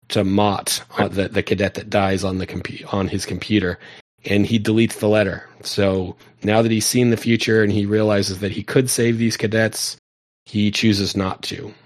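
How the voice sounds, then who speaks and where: A man casually recapping a TV episode with a friend, talking in loose, filler-heavy sentences. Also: fairly low pitch. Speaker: podcast co-host. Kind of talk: casual discussion.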